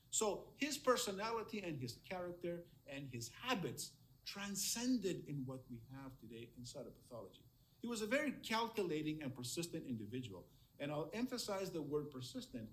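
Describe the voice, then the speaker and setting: A man's voice: fairly high pitch, slight background noise. A man giving a lecture on medical history over slides, admiring and emphatic, often repeating words for stress.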